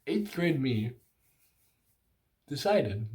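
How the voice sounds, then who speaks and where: A man's voice: mid-range voice, big pitch swings, drawn-out words, darkish tone. A young man in his late teens or twenties telling a story, casual and self-mocking, with many fillers and some playful exaggeration. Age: young adult. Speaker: vlogger.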